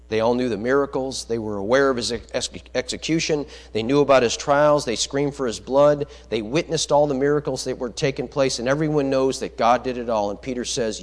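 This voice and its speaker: A man preaching a sermon, emphatic, swinging between loud declarations and quiet low asides.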